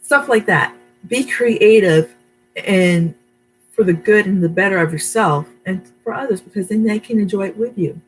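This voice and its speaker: A woman's voice: mid-range voice, normal speed, faint music behind, low-quality recording. A middle-aged woman chatting and giving advice on her video channel from her bedroom, rambling and laughing at herself. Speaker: vlogger. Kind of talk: casual advice vlog.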